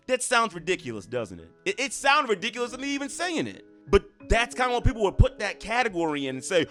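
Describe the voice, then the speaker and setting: A man's voice: sits high, wildly swooping pitch, brisk, hardly any pauses, fairly bright tone, faint music behind. A man giving earnest, emphatic relationship advice straight to camera, repeating himself for stress. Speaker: relationship coach. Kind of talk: motivational talk to camera.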